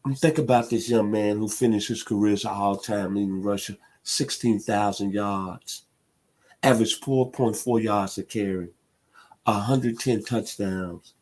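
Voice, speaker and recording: On his sports talk radio show, a middle-aged host from Memphis, Tennessee, speaks in a lowish, unhurried voice. He's fervent and emphatic throughout, working himself up to loud peaks.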